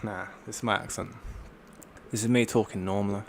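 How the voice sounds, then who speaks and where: A man's voice: fairly low pitch, fairly even intonation, fairly quick, slight background noise. A man streaming from home, chatting casually into a desk mic in a rambling, slangy way. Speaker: gaming streamer. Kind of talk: casual live-stream chat. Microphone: desk microphone.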